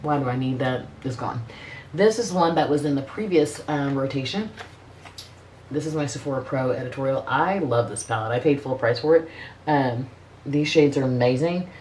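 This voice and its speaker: A woman's voice: extremely low pitch, moderate pace, darkish tone, slight background noise. A middle-aged woman chatting casually as a beauty vlogger, blunt and profane, rambling with frequent restarts. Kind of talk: casual makeup review chat.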